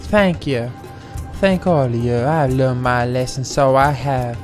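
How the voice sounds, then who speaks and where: A man's voice: mid-range voice, unhurried, darkish tone, soft background music, natural voice. A man voicing a reformed female thief with a put-on Southern drawl and folksy dialect. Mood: humble.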